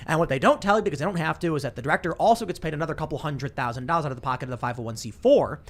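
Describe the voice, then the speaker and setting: Fast-talking man hosting a podcast. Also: fairly high pitch. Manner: fast, rambling storytelling with restarts. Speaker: podcast host. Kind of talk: casual panel talk.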